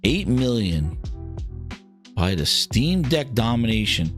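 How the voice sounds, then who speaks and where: A man hosting a gaming show, talking in casual, opinionated commentary. He swears freely, mocks other people in put-on voices and gets excited as he reads. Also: medium pitch, normal speed, soft background music. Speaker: gaming podcast host.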